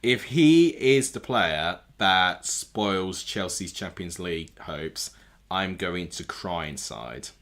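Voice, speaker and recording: A man's voice: sits low, lively intonation, slow pace, fairly bright tone. A man streaming a live football watchalong from home, reacting to the match and often correcting himself aloud as he goes. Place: home room with TV.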